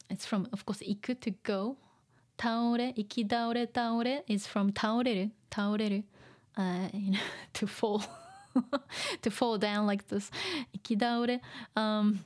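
A woman in a mid-pitched voice leads a casual vocabulary lesson. She talks softly and chattily and switches between Japanese and English. Small laughs and gentle fillers run through her explanations. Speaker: Japanese teacher.

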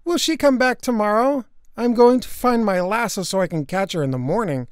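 A woman's voice: mid-range voice, a little fast, smooth, no echo, clean studio sound, pitched above the performer's own voice, lightly acted. A woman reading aloud and voicing a mischievous little boy who plays a wizard, chanting spells theatrically. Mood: amazed.

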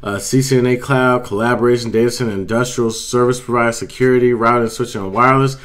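A male IT instructor talks through certification paths in a casual, unscripted way. He speaks at an ordinary middle pitch, pausing on fillers and correcting himself mid-sentence as he goes. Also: steady tone. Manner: conversational, with frequent fillers and self-corrections. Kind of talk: casual explanatory walkthrough.

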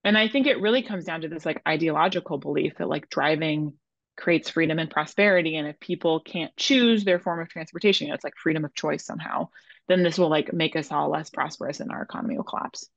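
Low, gravelly-voiced woman guest. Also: fast, no echo, lo-fi sound. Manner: chatty, many "like" fillers. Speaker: journalist and author guest. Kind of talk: conversational podcast interview.

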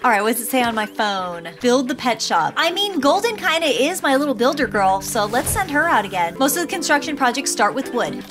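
A woman's voice: on the high side, sing-song, a little fast, hardly any pauses. A woman commentating a cozy pet game, cooing sweetly at the puppies in baby talk. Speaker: gaming YouTuber. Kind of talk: let's play commentary. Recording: game music playing behind.

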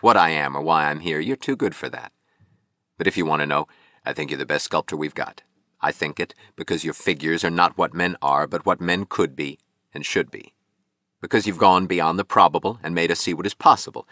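A man reading an audiobook, voicing a resolute male architect who speaks clearly and carefully. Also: low-pitched, bright, forceful tone, dry recording, clean studio sound.

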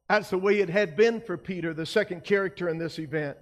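A male pastor preaching a sermon, emphatic, his delivery swinging between soft passages and loud ones. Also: high-pitched, moderate pace, in a large hall. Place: church sanctuary.

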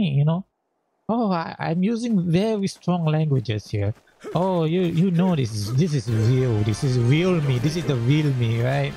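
A gravelly, creaky voice from a gamer in let's-play commentary, swearing and venting frustration straight at the game. Game music plays clearly underneath. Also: mid-range voice, expressive, measured pace, dark tone. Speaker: gaming channel host.

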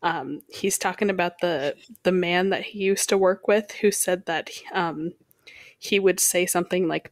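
A young woman with a slightly low voice co-hosts a casual podcast chat. She rambles and jokes, interrupting herself as she goes. The sound is dry and close, with no room around it. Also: unhurried, no room sound. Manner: rambling, jokey, self-interrupting. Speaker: podcast co-host.

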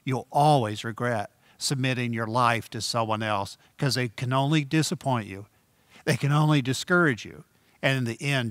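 A middle-aged man preaching a sermon as pastor, earnest, repeating key phrases and slowing down for emphasis. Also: mid-range voice, fairly bright tone, no echo.

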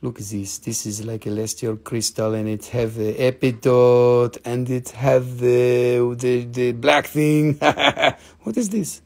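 A haggling gem dealer in broken English, teasing buyers with cheeky price talk, as a man puts him on. The voice has a gravelly, creaky grain at an ordinary middle pitch. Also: steady tone, takes it slowly, darkish tone. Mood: playful haggling.

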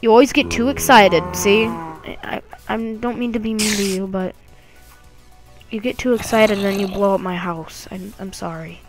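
A woman's voice: mid-range voice, steady tone, normal speed, music in the background. A woman narrating her own game play in a casual way, chatting to the monsters and yelping when she is startled. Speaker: let's play gamer.

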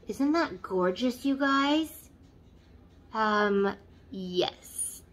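A bright, fairly high woman's voice, unhurried and drawn out, chatting through a beauty box unboxing. She gushes and keeps turning to her viewers, then sinks into soft whispers over products she loves. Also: slight background noise. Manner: gushing, excitable, keeps addressing viewers; drops to soft whispers when admiring products. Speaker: beauty vlogger. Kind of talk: casual unboxing chat.

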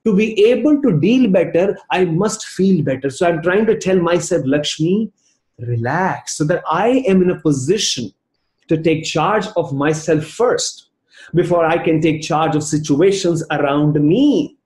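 A man giving a lively motivational training talk over a video call, telling stories and calling on participants by name. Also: on the high side, moderate pace, reverberant. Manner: animated storytelling, addresses participants by name. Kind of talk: virtual training session talk.

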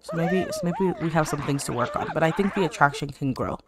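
A young woman chatting excitedly through a life-simulation game, talking to her viewers in a slangy, casual way. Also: low-pitched, fairly quick, noisy background. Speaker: let's play creator. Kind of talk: casual gameplay commentary.

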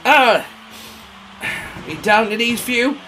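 A British man giving excitable, crude play-by-play of a mock wrestling battle, jumping between yelling and mumbling. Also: extremely high pitch, slow pace, faint music behind. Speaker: comic wrestling commentator. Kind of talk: over-the-top play-by-play commentary.

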